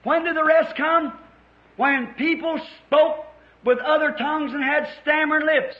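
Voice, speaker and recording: A middle-aged man preaching a fervent, folksy revival sermon to a church congregation, his voice rising to shouts. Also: very high voice, steady tone, unhurried. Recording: muffled 1950s tape recording.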